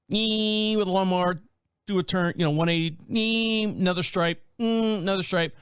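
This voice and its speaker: A man's voice: sits high, clear, resonant tone, dry recording, clean studio sound. A man in his fifties hosting a podcast, telling comedic stories in a casual, rambling way and laughing often. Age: 50s. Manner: animated, laughs often, acts out voices. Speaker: podcast host. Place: small rural town.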